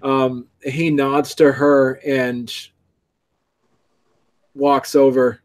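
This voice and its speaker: A man narrating a tabletop game as game master, halting and full of restarts. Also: medium pitch, little pitch movement.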